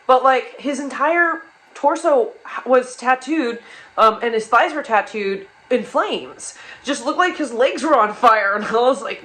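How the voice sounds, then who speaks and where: A woman's voice: on the high side, animated, unhurried, fairly bright tone, low-quality recording. A young woman telling a wild personal story in casual comedic style, rambling and profane, with many restarts and asides.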